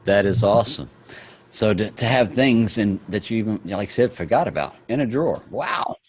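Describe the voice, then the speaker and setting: Upbeat motivational host guy in his 40s, really deep voice, dry close sound. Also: lively intonation, moderate pace, slightly rough, no echo. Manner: upbeat, encouraging. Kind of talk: motivational talk.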